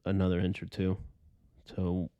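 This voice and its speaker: A young man in his twenties chats on a podcast with a slightly low voice. He rambles through his stories in a loose, easygoing way and curses often. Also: completely flat delivery, normal speed, mellow, smooth. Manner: loose storytelling with heavy cursing. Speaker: podcast host. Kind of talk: casual chat.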